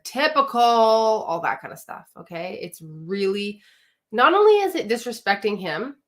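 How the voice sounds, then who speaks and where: A woman's voice: mid-range voice, a bit bright. Direct, emphatic woman marriage coach. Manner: direct, emphatic, often asks the audience. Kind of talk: live coaching talk to an audience.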